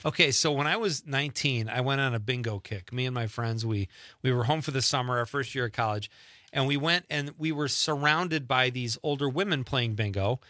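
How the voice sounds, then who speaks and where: A man's voice: medium pitch, fairly quick, bright, forceful tone, no echo. A man hosting an evening radio talk show, chatting casually and joking with listeners and guests. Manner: chatty, jokey, reads listener texts aloud. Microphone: studio mic.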